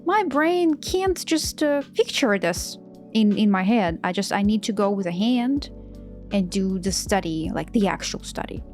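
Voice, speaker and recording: A woman's voice: mid-range voice, expressive, a little slow, a little mellow. A woman in her thirties chatting casually on a live stream while she draws, enthusiastic and often restarting her sentences in non-native English. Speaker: artist streaming while drawing. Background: faint background music.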